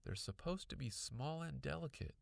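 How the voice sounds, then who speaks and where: A man's voice: a little high, expressive, normal speed, creaky, no room sound, studio quality, voice pushed up. Casting: man doing an impatient mom, raised voice, stern and clipped, storybook reading. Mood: cross. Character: impatient scolding mother, middle-aged.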